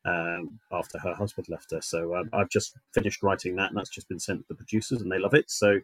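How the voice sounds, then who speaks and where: A man's voice: deep voice, fairly even intonation, brisk, fairly bright tone, husky, dry recording, low-quality recording. A man chatting casually as an actor and writer guest, rambling and joking with lots of fillers. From northern England. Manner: rambling, jokey, with many fillers. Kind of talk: casual chat.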